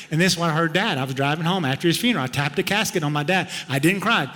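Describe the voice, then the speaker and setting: A middle-aged man, a pastor, telling a personal story in a sermon, swinging from loud outbursts to hushed tones. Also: fairly high pitch, fast, few pauses. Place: church sanctuary. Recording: long reverb of a large hall.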